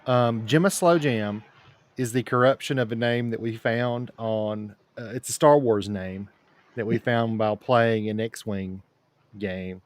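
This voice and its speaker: A man's voice: on the low side, a little slow, no echo. A man hosting a casual livestream, bantering with dry jokes and rambling asides. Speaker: livestream host. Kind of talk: casual chat.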